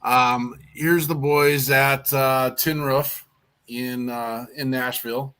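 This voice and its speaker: A man's voice: medium pitch, steady tone, takes it slowly, a bit bright, clear, resonant tone. A musician guest, a man, chatting casually on a podcast and telling a story with stutters, restarts and filler words.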